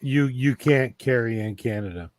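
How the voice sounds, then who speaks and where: A man chatting casually, often halting and repeating words. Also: mid-range voice, a little mellow. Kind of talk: casual chat.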